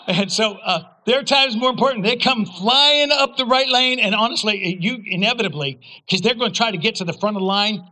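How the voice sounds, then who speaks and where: Lively, animated man preaching a sermon. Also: high-pitched, fairly quick, hardly any pauses, poor audio. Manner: animated, humorous storytelling with sudden loud outbursts. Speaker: pastor.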